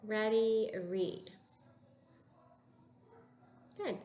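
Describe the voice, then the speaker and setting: A woman teacher giving a phonics lesson to young children, modeling words slowly and patiently. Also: a little high, mellow. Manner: slow, patient, drawn-out word modeling. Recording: echoey room with faint room noise.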